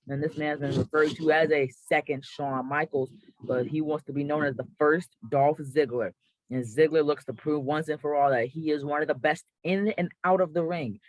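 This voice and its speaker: A man's voice: a little high, low-quality recording. A man hosting a gaming video, calling out a mock wrestling draft in a hyped announcer style and correcting himself now and then. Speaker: gaming channel host.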